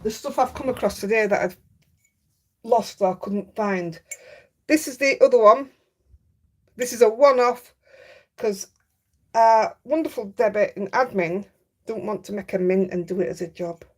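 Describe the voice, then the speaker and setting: A woman's voice: mid-range voice, measured pace, long pauses. A woman with a Yorkshire accent hosting a craft livestream, chatting casually and reading out viewer comments. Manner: chatty, reads out viewer comments, laughs easily. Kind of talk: casual live chat.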